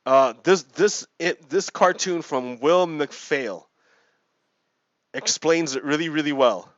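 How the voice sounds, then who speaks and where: Taking it slowly, a man with a voice on the high side offers casual commentary while playing a game. He reads out political material and explains it with chuckles, often saying the same things twice, and the dry, dull lo-fi mic adds no room sound.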